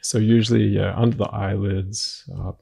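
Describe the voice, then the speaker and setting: A man teaching a painting lesson, narrating his work in a relaxed way, thinking aloud with frequent fillers and restarts. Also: lowish voice, normal speed, gravelly, husky. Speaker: painting instructor. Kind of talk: narrated screen-recorded art lesson.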